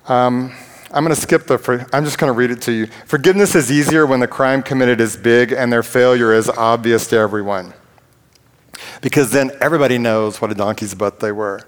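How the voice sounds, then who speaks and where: A man giving a relaxed, story-driven sermon, frank and quick to poke fun at himself. His mid-pitched voice carries a long reverb tail from a large church hall. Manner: candid, self-deprecating, plain-spoken. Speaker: preacher. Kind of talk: conversational sermon with personal stories.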